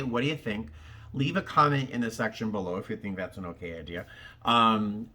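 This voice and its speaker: A man from Massachusetts vlogging in a casual, heartfelt way, halting and rambling with lots of ums and restarts. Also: lowish voice, pushed and bright. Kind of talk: casual direct-to-camera chat.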